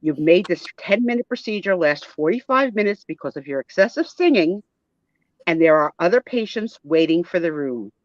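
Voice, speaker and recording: A woman's voice: lowish voice, animated, dry recording, close to an everyday voice. Woman doing a blunt, stern nurse. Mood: scolding. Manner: brisk, scolding, matter-of-fact. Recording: dull lo-fi dry sound.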